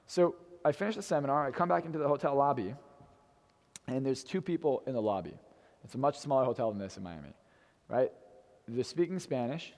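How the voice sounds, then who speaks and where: A man's voice: medium pitch, animated, brisk, a little mellow, big-room sound. A young man in his twenties telling a brash, swearing personal story to an audience in a hotel event room. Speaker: motivational speaker.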